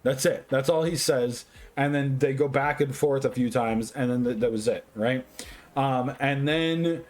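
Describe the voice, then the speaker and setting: A man who has been drinking reviews a film in loose, rambling talk. He swears constantly and gets excitable, with a voice of ordinary male pitch. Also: a little slow. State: tipsy, drinking. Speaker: movie reviewer. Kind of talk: casual drunk movie review.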